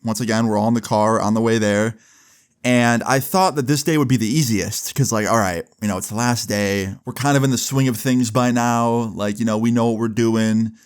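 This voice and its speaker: A man's voice: mid-range voice, moderate pace, clean tone. Chatty young man telling a story. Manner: loose and chatty, heavy on "like" and swearing. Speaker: storyteller vlogger. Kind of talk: casual storytime vlog.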